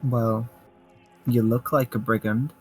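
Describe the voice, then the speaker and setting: A man's voice: mid-range voice, flat delivery, takes it slowly, breathy edge, soft background music. A man playing a wary, prickly woman in a tabletop game, talking in a dry, suspicious way.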